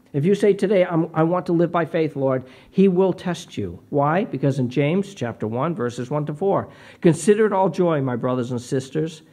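Man, middle-aged, preacher, earnest sermon, slightly high voice, mellow tone, restarts phrases. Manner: earnest, repeats words when starting phrases. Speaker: pastor.

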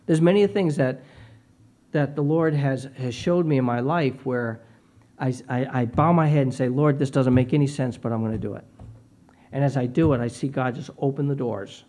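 A man's voice: medium pitch, normal speed, mellow. A middle-aged man preaching a sermon, earnest and personal, often repeating words as he starts a phrase. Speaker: pastor.

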